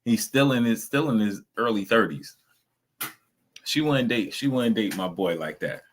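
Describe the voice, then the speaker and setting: A man's voice: lowish voice, lively intonation, normal speed, a little hiss or hum. Blunt, profane man ranting casually. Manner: blunt, profane, mocking, acts out quoted voices. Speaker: streamer reacting to videos. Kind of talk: casual reaction commentary.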